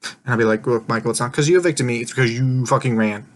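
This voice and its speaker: Man, medium pitch, casual rambling recap, laughs and swears freely. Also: quick pace. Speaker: vlogger recapping an online game.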